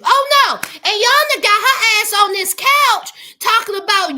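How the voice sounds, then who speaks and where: A woman's voice: very high-pitched, lively intonation, slow, few pauses, pushed and bright. A woman giving a sassy, emphatic casual recap of a reality TV show.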